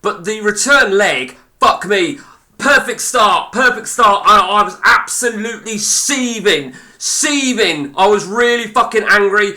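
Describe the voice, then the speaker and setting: A man's voice: high voice, a little slow, sharp tone. A man streaming live, giving blunt, sweary, rambling commentary on a football management game.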